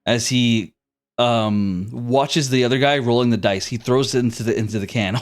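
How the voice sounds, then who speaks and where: A man's voice: mid-range voice, normal speed. A man narrating a tabletop game as game master, with easygoing, descriptive storytelling.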